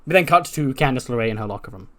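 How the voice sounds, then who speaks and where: A man narrating his game run in a wry, self-deprecating way, in a voice of middling pitch. He talks casually and laughs at his own mistakes. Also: expressive, rapid-fire, fairly bright tone. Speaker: game streamer. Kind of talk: let's-play narration.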